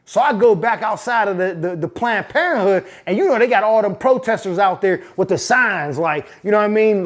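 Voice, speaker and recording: A man hosting his own channel, telling a personal story in a casual, profane, animated way. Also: sits high, a little fast, few pauses. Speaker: host. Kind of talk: storytelling monologue.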